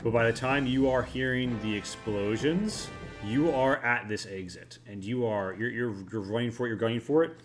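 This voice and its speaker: A man's voice: mid-range voice, moderate pace, few pauses. A man narrating a tabletop game as game master, telling the story dramatically with casual swearing. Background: background music.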